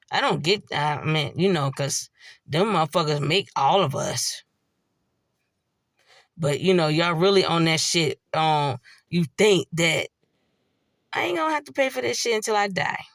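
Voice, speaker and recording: A woman's voice: on the low side, animated, unhurried, pauses often, dry recording, clean studio sound. A woman giving a blunt, heavily profane spiritual monologue in a preachy way. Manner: blunt, heavy swearing, preachy. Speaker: spiritual vlogger.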